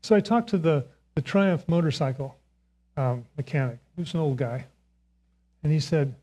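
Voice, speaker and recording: A man's voice: fairly high pitch, expressive, moderate pace, dark tone. An older man giving a Sunday sermon in a church, telling a self-mocking story and chuckling often. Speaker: speaker giving the Sunday message. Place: church sanctuary.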